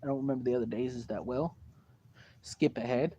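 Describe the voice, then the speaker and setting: A teenage boy telling a long, animated story to the camera at home, full of fillers and cursing. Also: medium pitch, brisk. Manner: animated, profane, rambling with fillers. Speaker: vlogger. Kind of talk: casual storytelling. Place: at home, indoors. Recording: dull lo-fi home recording, faint background noise.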